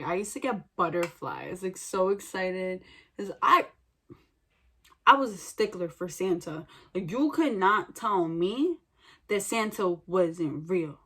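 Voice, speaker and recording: A young woman vlogger chatting casually while doing her makeup, telling a story animatedly with sudden loud bursts. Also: medium pitch. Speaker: beauty vlogger.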